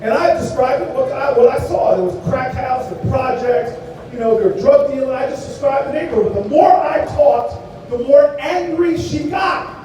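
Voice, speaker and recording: A man's voice: extremely high pitch, moderate pace, warm tone, a little hiss or hum. Preacherly man at a rally, echoing from afar. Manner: preacherly, rhythmic, storytelling. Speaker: political candidate. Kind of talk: campaign rally speech. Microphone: far from the mic. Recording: echoey hall from far off, faint ambience.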